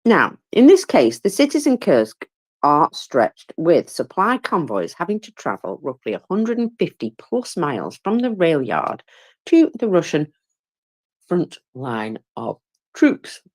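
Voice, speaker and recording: A woman's voice: sits low, wildly swooping pitch, measured pace, a little mellow. A tired, yawning woman gives casual live commentary on a war, chatty and informal, with many fillers and wry, self-mocking asides.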